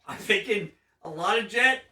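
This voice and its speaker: Man, casual gaming recap, animated storyteller, quick character voices, high ringing voice, roomy echo. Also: recorded from a distance. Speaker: podcast co-host.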